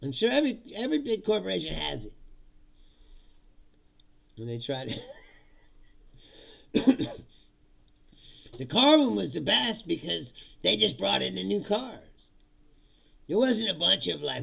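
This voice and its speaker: A man's voice: on the high side, lively intonation, normal speed, creaky, pauses often, a bit bright, dull audio. A man hosting a comedic political talk show, ranting casually, swearing and laughing often between lines. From United States. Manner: laughs often, swears, acts out voices of others. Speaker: host.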